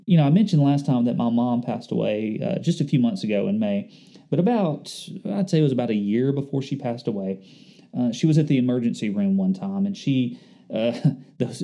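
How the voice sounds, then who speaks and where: A man delivers a sermon in a warm, deeply mellow voice, pitched in a middle range. He speaks in an earnest, conversational way, reflective and personal with his listeners. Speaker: pastor.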